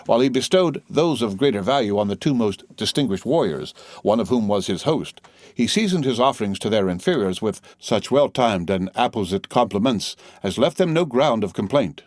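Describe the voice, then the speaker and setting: A male audiobook narrator with a low voice, reading classic prose in an even, formal way. The recording is dry and close, with no room sound at all. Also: normal speed, no room sound. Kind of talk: scripted narration.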